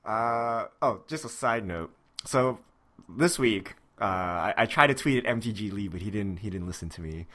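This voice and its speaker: A man hosting a casual podcast, reading out listener questions in a relaxed way and stumbling over names. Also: on the low side, moderate pace.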